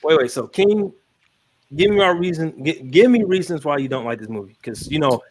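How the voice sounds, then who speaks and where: A young man hosting a casual movie podcast, his voice lively and swinging in pitch. It sits a touch high, and he keeps the talk moving by pressing the others with questions. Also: brisk. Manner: animated, steers the talk with questions. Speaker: podcast host. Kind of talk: casual panel discussion.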